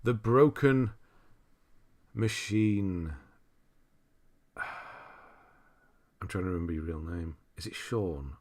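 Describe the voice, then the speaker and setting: A man's voice: sits low, extremely slow, pauses often. A man hosting a live stream, chatting casually and reading viewers' messages aloud with frequent laughs. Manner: relaxed, rambling, reads chat aloud with frequent laughs. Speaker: streamer host.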